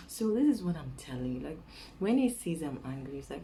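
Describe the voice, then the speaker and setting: A young Nigerian woman with a Nigerian accent, giving chatty dating advice in a casual vlog and dropping into a soft coaxing voice to act out sweet talk. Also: sits low, big pitch swings, quick pace, slight background noise, low-quality recording.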